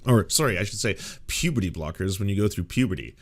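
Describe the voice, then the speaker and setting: A man's voice: on the low side, animated, quick pace. A man hosting political reaction commentary, talking casually and sarcastically, swearing and doing mocking impressions.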